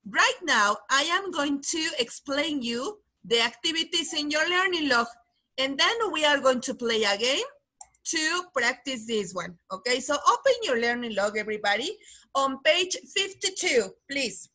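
Woman, English teacher, high voice, patient, video call. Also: animated, sharp tone. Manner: patient, explains slowly, repeats key words. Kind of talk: online class lesson.

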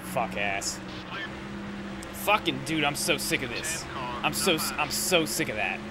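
A young man gives live gameplay commentary in a fairly high-pitched, animated but unhurried voice, ranting with exasperation and swearing heavily. He's a gaming commentator, and loud game engine noise runs underneath.

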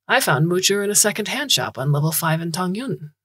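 A woman's voice: fairly low pitch, sing-song, fairly quick, fairly bright tone, husky, no echo, clean studio sound, exaggerated voice. A woman voicing a small, rotund, cheerful man who digs canals, breezy and chatty in an audiobook reading.

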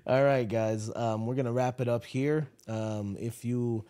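A man's voice: mid-range voice, fairly even intonation, a little slow, dark tone. A man co-hosting a podcast in casual chat, loose and joking, drifting into little rants. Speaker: podcast co-host.

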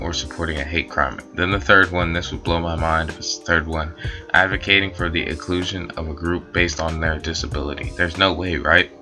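A man explaining online drama in casual commentary, rambling a little with fillers. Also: deep voice. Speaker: commentary YouTuber.

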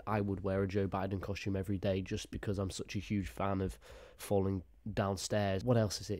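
A man giving crude, mocking reaction commentary with deadpan asides. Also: on the low side, no room sound, clean studio sound. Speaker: YouTube commentator.

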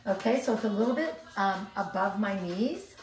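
A woman fitness instructor, filmed alone in an indoor room, leads a band workout, counting down reps with upbeat cues and chatty asides. Her mid-range voice is animated at normal speed, captured from a distance in an echoey room with faint music.

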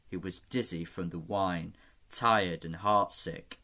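Lower-voiced man narrating a fantasy book. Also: fairly even intonation, slow, bright, forceful tone. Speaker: amateur audiobook reader. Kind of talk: scripted narration.

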